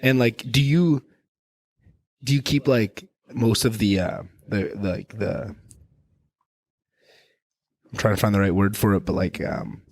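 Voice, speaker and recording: A man hosting a podcast, talking in a loose, rambling, animated way and swearing freely. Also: lowish voice, measured pace, long pauses, dry recording. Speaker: podcast host. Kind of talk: casual podcast chat.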